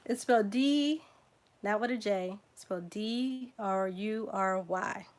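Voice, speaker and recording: A woman with a Southern drawl hosts a relaxed livestream at an unhurried pace. She reads names aloud, spelling some letter by letter, and chats casually with her viewers. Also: medium pitch. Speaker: genealogy livestream host. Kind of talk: casual livestream reading surname lists.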